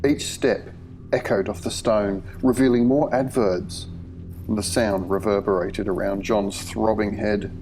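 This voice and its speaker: A man narrating a horror short story in a measured, vivid storytelling manner. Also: on the low side, fairly even intonation, darkish tone, a little hiss or hum, poor audio.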